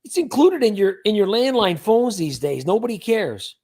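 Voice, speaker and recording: A man with a high voice and a gravelly, creaky texture hosts a relaxed livestream. He chats loosely and reads out viewers' names as he goes. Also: normal speed. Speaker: livestream host. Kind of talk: casual livestream chat.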